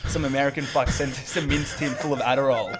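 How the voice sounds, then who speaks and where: A man's voice: mid-range voice, fairly even intonation, fast. Crude laughing Australian man, noisy pub. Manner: crude, laughing often, tells stories with quoted voices. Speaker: comedian guest. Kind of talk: crude storytelling chat.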